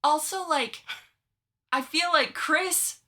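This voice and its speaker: A woman's voice: high-pitched, slow pace, bright, forceful tone. A woman co-hosting a podcast, chatting and joking as she reacts to online stories, giggling often. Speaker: podcast co-host. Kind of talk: casual chat reading online stories.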